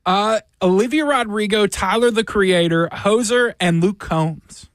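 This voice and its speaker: A man sits in on a radio show as the producer and tosses in playful jokes. His voice is high for a man. The studio sound is dry. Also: measured pace, a bit bright, no room sound. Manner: playful, joking. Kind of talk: casual studio banter.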